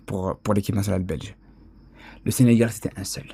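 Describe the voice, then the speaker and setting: A man's voice: on the low side, fairly even intonation, quick pace, vocal fry, dark tone, breathy edge, no echo. A man from Belgium giving opinionated football commentary, insistent and talking straight to his viewers. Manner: insistent, addresses viewers directly. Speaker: football commentator on social media.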